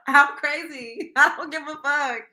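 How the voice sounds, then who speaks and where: A woman's voice: sits high, unhurried, pushed and bright. A young adult woman hosting a talk show, giving blunt, profane advice in a casual monologue and laughing often. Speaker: show host.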